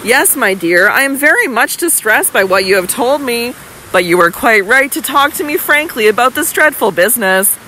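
A woman voices a doting older baronet in an audiobook. He sounds fond, reassuring and warmly indulgent, and he blusters when he is troubled. A faint hiss sits under the reading. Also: on the high side, animated, normal speed, rough recording.

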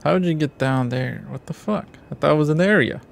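A man's voice: a little high, fast, vocal fry. A young man giving casual commentary over his gameplay, often frustrated and swearing to himself. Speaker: gamer streamer.

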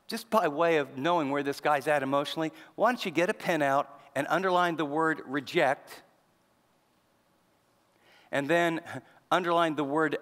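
A male pastor giving a sermon in a conversational style, swinging between soft, low passages and louder, raised lines. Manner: conversational preaching, acts out quoted voices, shifts between loud and soft. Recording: long reverb of a large hall.

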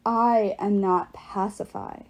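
A woman voicing a menacing giant male ghost who speaks through the mouths of others, slow, cold and gloating. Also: medium pitch, steady tone, darkish tone.

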